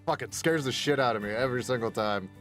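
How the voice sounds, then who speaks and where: Man, game streamer, casual chat, rambling, swears a lot, mid-pitched, faint music behind. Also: fast. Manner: rambling, profane storytelling with bursts of laughter.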